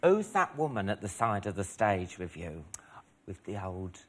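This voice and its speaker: A male talk show host chatting in a teasing, giggly way with quick quips. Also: fairly low pitch, sing-song. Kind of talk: casual talk show chat. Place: TV studio. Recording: studio with loud audience and noise.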